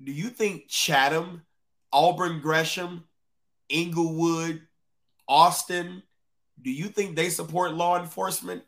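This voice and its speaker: A man with a fairly high-pitched voice hosts a live-streamed podcast. He talks emphatically, repeating lines for stress and breaking off to greet viewers in the chat. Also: fairly even intonation, slow pace, a bit bright. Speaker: podcast host. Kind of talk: live-streamed commentary talk.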